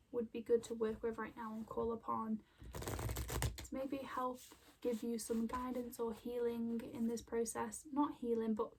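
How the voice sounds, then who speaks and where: A young woman giving an emotional oracle card reading at home, soft and rambling with many fillers. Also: a little high, flat delivery, a little slow, a little hiss or hum. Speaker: spiritual card reader. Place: home room with plants.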